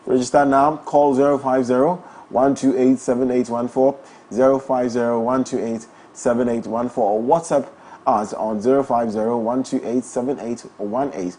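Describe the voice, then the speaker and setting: A young man hosting a breakfast talk show, playful and quick to laugh, also reading live ads. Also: mid-range voice, steady tone, warm tone. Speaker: morning show host. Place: studio.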